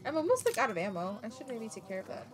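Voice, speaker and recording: A woman streaming a video game, chatting excitably, laughing often and swearing casually. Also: on the high side, quick pace, over loud music. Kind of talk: casual gameplay commentary.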